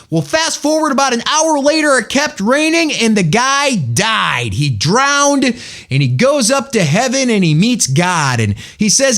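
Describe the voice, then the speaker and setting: A man's voice: extremely high pitch, big pitch swings, a little slow, a bit bright. A man hosting a religious podcast, talking in an emphatic, folksy storytelling way. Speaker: podcast host.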